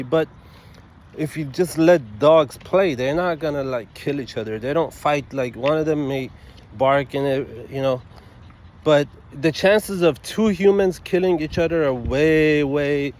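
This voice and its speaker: A man, an attorney, telling a story in a casual, animated way, full of restarts and asides. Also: medium pitch, a little slow.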